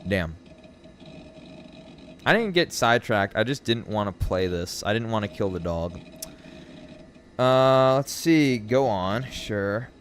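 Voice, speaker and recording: A man's voice: on the low side, expressive, slow, pauses often, a little hiss or hum. A man streaming, who reads poetry aloud with dramatic delivery and chats loosely with his viewers. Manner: theatrical when reciting poems, loose and chatty otherwise. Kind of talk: casual stream chat and poetry reading.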